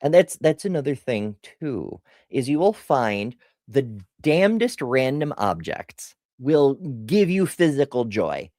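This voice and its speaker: In a rumbling low, warm, sing-song voice, a middle-aged woman takes her time answering questions on a casual livestream. The recording is dry and studio quality, and she's chatty and tangential, self-deprecating, with frequent laughs and restarts.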